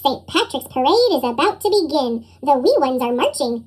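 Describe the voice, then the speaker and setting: Woman reading a story in chipmunk voice. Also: normal speed. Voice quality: chipmunk-style pitched-up voice. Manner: lively, expressive reading. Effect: chipmunk pitch shift. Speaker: storybook reader. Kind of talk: read-aloud children's story.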